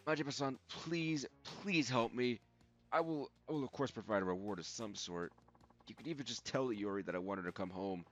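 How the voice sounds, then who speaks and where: A man's voice: medium pitch, fairly quick, a bit bright, natural voice. A man voicing a worried middle-aged mother who pleads for help. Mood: pleading. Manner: pleading, anxious, raised voice. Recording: dull lo-fi audio with game music.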